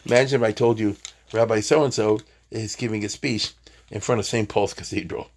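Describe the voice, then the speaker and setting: A man's voice: lowish voice, steady tone, moderate pace. A man teaching an informal Torah class, chatty, with joking asides and Hebrew terms.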